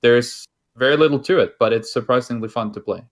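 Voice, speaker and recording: A man guesting on a gaming chat, explaining game tips in a relaxed way with frequent hesitations. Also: mid-range voice, fairly quick. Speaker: guest player. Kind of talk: casual chat.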